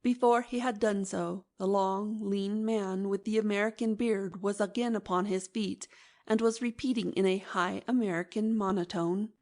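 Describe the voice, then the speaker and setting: Measured and expressive, a woman at medium pitch narrates an audiobook of a classic novel from a script.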